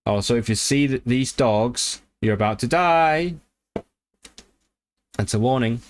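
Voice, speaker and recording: A man chatting casually on a livestream about learning languages, thinking aloud with lots of restarts and quick bursts of excitement. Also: medium pitch, no room sound.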